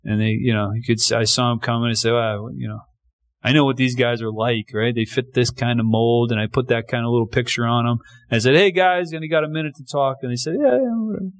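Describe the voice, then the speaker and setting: A man's voice: medium pitch, flat delivery, fast. A man preaching a sermon in a conversational way, often restarting lines and acting out short quotes. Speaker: pastor.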